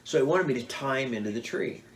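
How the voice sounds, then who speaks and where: Older man, mid-pitched voice, telling hunting yarns with animated quoted voices, faint noise behind. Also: quick pace. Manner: animated, acts out quotes with big pitch jumps. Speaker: storyteller.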